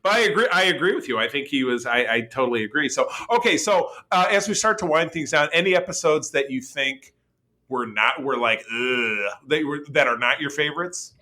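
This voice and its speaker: Animated, bright-voiced man chatting. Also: a little high, a little fast. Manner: animated and laughing, trailing into restarts. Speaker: podcast co-host. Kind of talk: casual chat.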